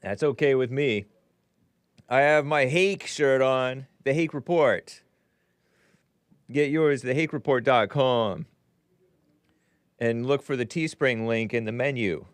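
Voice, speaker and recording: Man, call-in show host, chatty, upbeat, smooth clear voice, dry close sound. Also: mid-range voice, slow pace, long pauses, dry recording. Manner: chatty, upbeat, bursts into loud greetings. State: voice slightly strained. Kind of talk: casual live call-in show.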